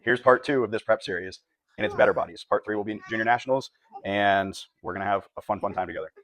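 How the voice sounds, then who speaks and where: A man's voice: on the low side, fast talker, fairly bright tone, lo-fi sound. A young man, a competitive bodybuilder, talking earnestly to camera in a reflective vlog and often correcting himself mid-sentence.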